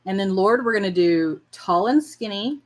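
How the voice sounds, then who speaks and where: Drawing live for her viewers, a warm, chatty woman laughs frequently and talks to her dog along the way. She speaks at a normal speed in a mid-range voice with lively intonation.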